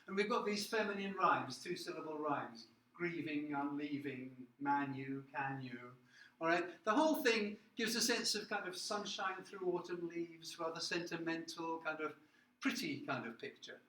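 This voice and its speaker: A man with a bright, slightly raised voice gives a literature lecture. He explains patiently, keeps checking that his listeners follow, and reads verse aloud slowly. The sound rings in a roomy classroom. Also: fairly high pitch, lively intonation, slight background noise. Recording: echoey room.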